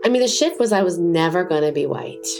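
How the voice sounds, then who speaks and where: A woman's voice: on the low side, quick pace, noisy background. A middle-aged woman, an interview guest, telling a personal story candidly and animatedly, acting out the voices she quotes. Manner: animated, acts out quoted voices, many fillers.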